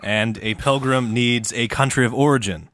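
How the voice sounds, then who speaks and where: A man's voice: medium pitch, moderate pace, a bit bright, slight background noise. A man hosting a comedy history podcast, telling the story in a casual, profane, joking way. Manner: profane, jokey, acts out quotes.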